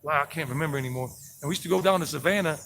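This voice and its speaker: A man with a Southern US accent gives a chatty, rambling walking tour outdoors on residential streets. His voice sits a little high and carries a gravelly fry, with faint street noise behind him. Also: racing, a bit bright. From South Carolina and Georgia, USA. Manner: rambling, chatty, greets viewers by name. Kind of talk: live-streamed walking tour narration.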